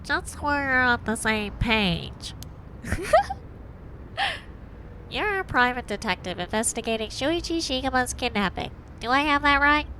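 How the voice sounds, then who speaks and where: A woman's voice: high voice, expressive, unhurried, pushed and bright, slight background noise, heavily acted. A woman voicing a frightened middle-aged man in a game, squeezing her voice into a pinched nasal tone as she reads his lines live. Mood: wary. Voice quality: pinched nasal voice, nose plugged. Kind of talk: game voice-over read live. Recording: game music playing behind.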